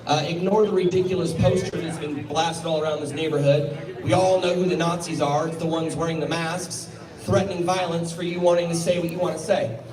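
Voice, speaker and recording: A man's voice: a little high, little pitch movement, fairly quick. A man giving a blunt, combative outdoor rally speech. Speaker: rally speaker. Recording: echoey, from far off, crowd behind.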